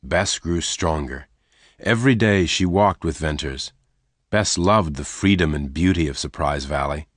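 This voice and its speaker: A man narrating a simple story for English learners in short, clear sentences. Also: very deep voice, measured pace, no echo. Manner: simple, evenly paced sentences.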